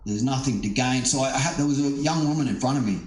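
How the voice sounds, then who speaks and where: A man's voice: medium pitch, fast talker, darkish tone. A middle-aged man, a stand-up comedian, telling a story in a casual, rambling way, with lots of swearing, fillers and restarts. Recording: roomy echo.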